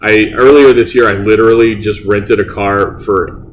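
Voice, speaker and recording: Laid-back, low-voiced man who laughs easily. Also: steady tone, normal speed, slight background noise. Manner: laid-back, laughs often, trailing asides. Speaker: podcast co-host. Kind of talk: casual chat.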